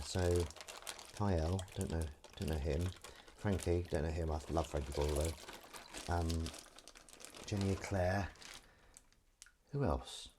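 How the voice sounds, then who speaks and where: Lively-voiced British man chatting at the sink. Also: fairly low pitch, a little hiss or hum. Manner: chatty, jokey, self-deprecating, answers viewer comments. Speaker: live streamer. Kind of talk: casual chat while washing dishes. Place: home kitchen at the sink.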